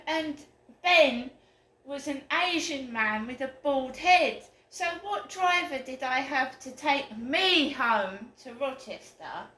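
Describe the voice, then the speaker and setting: A woman's voice: high voice, bright, forceful tone. A woman telling a long story to camera in a rambling, indignant way that gets worked up. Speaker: vlogger. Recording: roomy echo, faint room noise.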